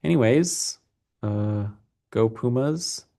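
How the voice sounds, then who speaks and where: A man's voice: mid-range voice, expressive, slow, vocal fry, mellow. A man teaching a class in an unedited recorded lesson, talking casually and rambling with many fillers.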